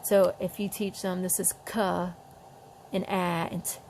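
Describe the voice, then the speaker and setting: A woman with a low, gravelly voice explains phonics in a relaxed home tutorial. She speaks on a flat, even pitch and slows down to sound out words. A faint hiss of noise sits behind her. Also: rough recording. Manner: demonstrates sounds slowly, chatty with fillers. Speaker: parent teaching reading.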